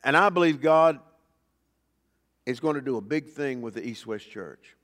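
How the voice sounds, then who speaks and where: A man preaching a sermon in a folksy way, rising loud on scripture and dropping soft for asides. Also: medium pitch, animated, moderate pace, in a large hall. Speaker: pastor.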